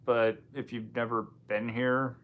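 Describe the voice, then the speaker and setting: Man, livestream host, casual viewer chat, offhand, dry asides, medium pitch. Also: level tone, measured pace, narrow, tinny audio. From Washington State, US. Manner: loose and offhand, with frequent ums and dry asides. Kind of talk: casual live chat reading viewer comments.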